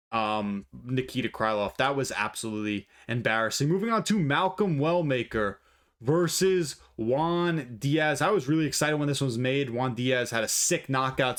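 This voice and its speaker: A man talking through upcoming fights in a loose, offhand way. He is blunt and often profane, breaks off mid-thought into asides, and restarts his sentences. His voice sits at an ordinary middle pitch for a man. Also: fairly bright tone. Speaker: fight analyst.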